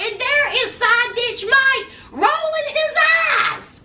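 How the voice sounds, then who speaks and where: A woman's voice: extremely high pitch, animated, measured pace, few pauses, sharp tone, roomy sound, far from the mic, a little hiss or hum. A woman giving sassy, dramatic commentary in a TV recap vlog, full of folksy slang. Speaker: reality TV recap vlogger.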